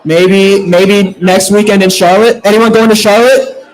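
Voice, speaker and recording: A man's voice: high voice, steady tone, unhurried, low-quality recording. A man on a live soccer prematch show giving predictions, often repeating words as he thinks aloud. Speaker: podcast co-host.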